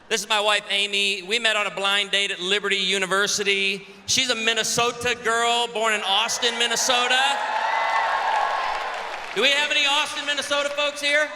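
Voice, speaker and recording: A man's voice: high-pitched, noisy background. A man in his forties from Illinois, a pastor giving a humorous sermon at a conference, joking in a punchy way and calling out to the audience. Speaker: pastor speaking at a women's conference. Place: large convention hall. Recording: echoey convention hall with faint ambience.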